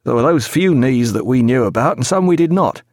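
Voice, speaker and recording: A man doing a brisk, eager young lieutenant. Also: mid-range voice, expressive, a little mellow, dry recording, studio quality, voice pushed up. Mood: cheerful.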